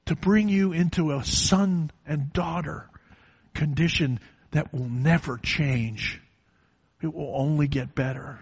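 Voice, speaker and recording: Older preacher, slightly high voice, lo-fi. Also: male voice, slow, slightly rough. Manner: quiet personal storytelling that builds to loud, stretched-out preaching. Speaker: pastor. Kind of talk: sermon. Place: church. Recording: dull lo-fi recording.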